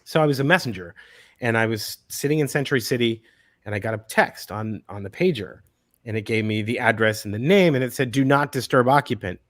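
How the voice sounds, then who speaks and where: A man in his forties, an actor guest telling stories in a relaxed interview, often repeating words as he starts a thought. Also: medium pitch, fairly quick. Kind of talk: casual interview chat.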